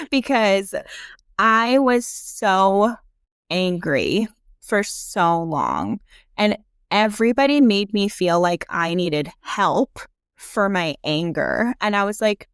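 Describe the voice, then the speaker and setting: A woman's voice: medium pitch, clear, resonant tone, dry recording, studio quality. A young adult woman, a podcast guest, talking frankly about grief and laughing easily. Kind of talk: casual conversation about grief.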